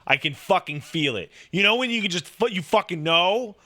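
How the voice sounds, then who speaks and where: A man in his thirties chatting casually about raising a baby, profane and animated, full of "like" and restarts. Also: high voice, moderate pace. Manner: profane, animated storytelling with lots of "like". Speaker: podcast talker, new father. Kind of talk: casual chat.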